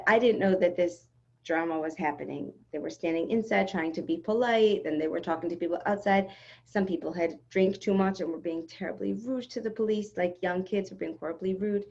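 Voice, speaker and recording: A middle-aged woman teaching an online class, telling a personal story in a lively, dramatic way and acting out what people said. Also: fairly low pitch, brisk, highs cut off. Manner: animated, dramatic retelling with acted-out quotes. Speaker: spiritual teacher. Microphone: video call.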